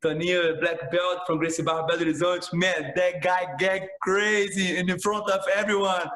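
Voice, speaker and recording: A man's voice: high voice, flat delivery, moderate pace, fairly bright tone, slight background noise. A man from Brazil with a Brazilian Portuguese accent, a jiu-jitsu instructor telling stories in casual, broken English full of restarts and emphatic "man". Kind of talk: casual storytelling chat. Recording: roomy echo.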